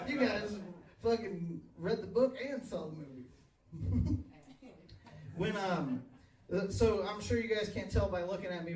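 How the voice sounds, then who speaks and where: A man in his thirties performing a crude, self-mocking stand-up set in a small tavern, chuckling at his own jokes. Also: sits high. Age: 30s. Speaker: stand-up comedian. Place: small tavern stage, live audience. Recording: echoey bar, voice from far off.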